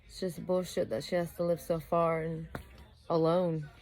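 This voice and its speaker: A sleep-deprived young new mother rants to the camera in a casual, profane monologue. Her voice sits a little low, and she keeps swearing as she gets heated. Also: level tone, normal speed. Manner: profane, ranting, grows louder and heated. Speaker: vlogger.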